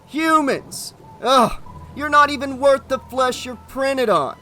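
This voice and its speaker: A man voicing a gleeful, cruel demonic salesman who mocks and shouts at his victims, in an audiobook reading. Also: very high-pitched, lively intonation, takes it slowly, soft background music, pitched above the performer's own voice, exaggerated voice. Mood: raging. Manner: shouting, taunting, mock southern drawl at times.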